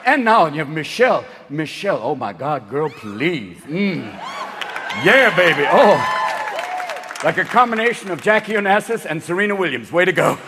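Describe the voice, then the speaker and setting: A male stand-up comedian performing a manic, rapid-fire, profane set that keeps jumping into voices, on stage in a large theater. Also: on the high side, sing-song, a crowd in the background, noisy background. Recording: echoey hall with loud audience.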